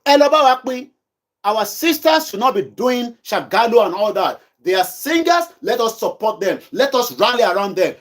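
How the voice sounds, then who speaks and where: Nigerian man, Yoruba accent, high voice; rousing livestream host switching between English and Yoruba. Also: sing-song, moderate pace. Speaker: online activist show host. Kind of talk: livestream commentary. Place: kitchen at home.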